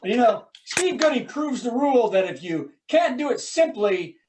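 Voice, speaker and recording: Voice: medium pitch, sing-song, far from the mic, noisy background. A host bantering and cheering between acts on a virtual comedy show over a video call. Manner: whooping, quick jokey banter. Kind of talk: casual chat hosting a virtual comedy show.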